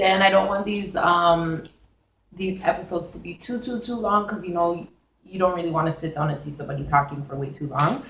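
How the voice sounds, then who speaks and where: A hoarse young woman chatting casually to camera, hosting her own advice segment with a chatty, giggly manner. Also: lowish voice, moderate pace, echoey room, a little hiss or hum, poor audio. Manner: chatty, giggly, talks straight to viewers.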